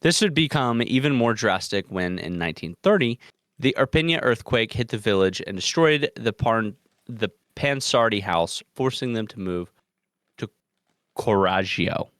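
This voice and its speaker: A man's voice: fairly low pitch, lively intonation, normal speed, a bit bright, no echo, studio quality. A man co-hosting a casual true crime podcast, reading from notes and breaking off for profane, joking asides. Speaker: podcast co-host.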